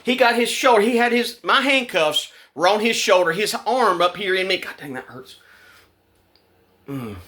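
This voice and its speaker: A man's voice: high-pitched, lively intonation, normal speed, bright, forceful tone. A man ranting to camera in a vlog. He talks heatedly, repeats words, restarts his sentences and swears. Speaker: vlogger. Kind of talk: agitated rant to camera.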